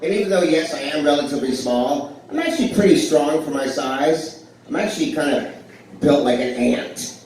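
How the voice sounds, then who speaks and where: A man's voice: fairly high pitch, normal speed, noisy background. A man performing live stand-up comedy in a small club, rambling and self-deprecating, with lots of fillers and restarts. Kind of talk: live stand-up with crowd work. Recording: echoey, distant live club recording.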